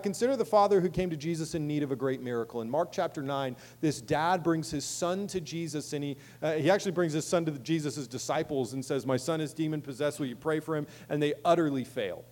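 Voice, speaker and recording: A man's voice: on the high side, a little fast, darkish tone. A man preaching a sermon as pastor, conversational, with casual asides and emphatic swells on key lines.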